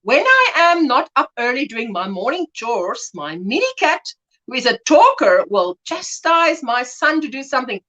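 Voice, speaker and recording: A middle-aged woman chats on her livestream in a loose, rambling way, laughing often and acting out small scenes as she greets viewers. Her voice sits high, with a bright edge, and it swoops up and down. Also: very animated, moderate pace, dull audio. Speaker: livestream host. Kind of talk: casual livestream chat.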